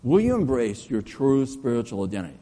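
A man preaching a sermon as pastor, storytelling with energy and dropping to slow, soft emphasis on key words. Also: mid-range voice, very animated. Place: church sanctuary. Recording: long church reverb.

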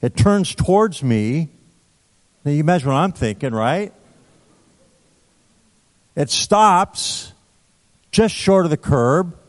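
Brief: a male preacher with a slightly higher voice, storytelling in a reverberant hall. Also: slow pace, pauses often. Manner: conversational, animated storytelling with asides to the audience. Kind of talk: sermon storytelling.

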